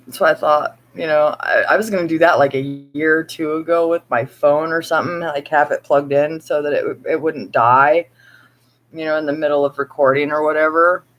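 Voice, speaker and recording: A woman's voice: low voice, fairly even intonation, a bit bright, faint music behind, poor audio. A woman chatting casually to viewers at home at night, rambling and laughing as she talks. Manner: rambling, laughing, slow and drawn-out. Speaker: vlogger.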